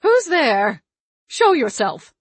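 A fussy, scatterbrained old grandmother spirit speaks from inside a locket, as a woman narrator puts her on. Her voice sits higher and louder than the narration and swings between tart scolding and delight. The sound is dry and close. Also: very animated, a little slow, no echo. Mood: angry. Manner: chiding, chatty and scatterbrained.

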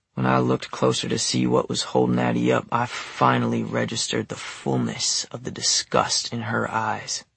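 A man narrating an audiobook in the first person, measured and wry. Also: medium pitch, vocal fry, husky, dry recording.

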